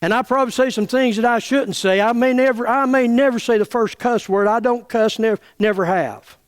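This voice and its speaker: Man, high-pitched, angry folksy preaching, repeated restarts. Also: fairly quick, clean tone. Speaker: pastor. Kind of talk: fiery sermon.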